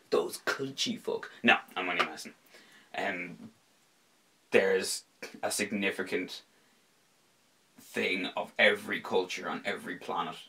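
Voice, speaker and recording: Very deep gravelly podcast host. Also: male voice, low-quality recording. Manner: rambling, heavy swearing; animated, slips into impressions. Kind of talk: casual sports chat.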